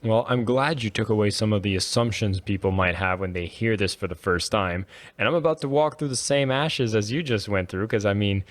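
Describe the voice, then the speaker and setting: A man's voice: fairly low pitch, brisk. A man hosting a podcast interview, friendly and curious as he asks questions. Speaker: podcast host. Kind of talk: casual interview talk.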